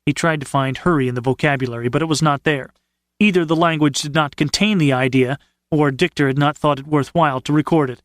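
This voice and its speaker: A man narrating an audiobook in a measured, steady storytelling manner. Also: fairly high pitch, no room sound, studio quality. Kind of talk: scripted narration.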